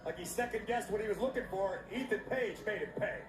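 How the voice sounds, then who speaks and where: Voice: mid-range voice, fast, echoey room, over music. A wrestling commentator calling the action play-by-play with emphatic calls.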